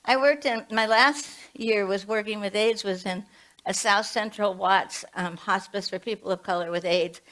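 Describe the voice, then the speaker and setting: A woman's voice: mid-range voice, normal speed, a bit bright, poor audio. A woman in her late seventies, a minister and hospice chaplain, giving a conversational sermon full of personal stories and asides. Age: 70s. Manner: chatty, storytelling with asides.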